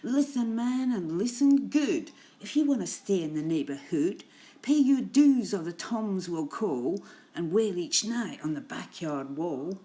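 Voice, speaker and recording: A woman's voice: mid-range voice, lively intonation, measured pace, pitched above the performer's own voice, lightly acted. A woman doing a snarling gangster boss cat. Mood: threatening. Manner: snarling threats, loud and forceful.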